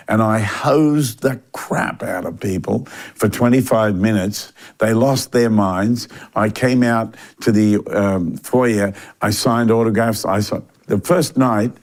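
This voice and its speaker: An older man with an Australian accent, a musician guest telling animated stories and acting out the people he quotes. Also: on the low side, slow pace. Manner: animated storyteller, acts out quoted voices, frequent restarts. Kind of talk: relaxed storytelling interview.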